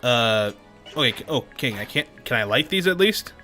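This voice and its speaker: Chatty bright-voiced man gaming. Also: mid-range voice, expressive, moderate pace, soft background music. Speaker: let's play host. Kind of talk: casual gaming chat.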